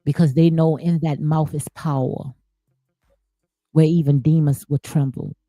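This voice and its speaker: A woman's voice: deep voice, steady tone, a little slow, warm tone, no room sound, soft background music. A woman giving impassioned spiritual commentary, preachy and emphatic, repeating phrases for emphasis. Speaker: commentary host.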